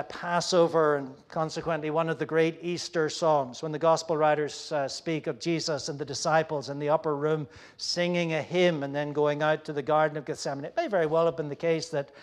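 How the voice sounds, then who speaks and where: A man preaching a sermon in an earnest, halting way, with many fillers and restarts, growing louder when he voices complaints. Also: fairly high pitch. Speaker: pastor.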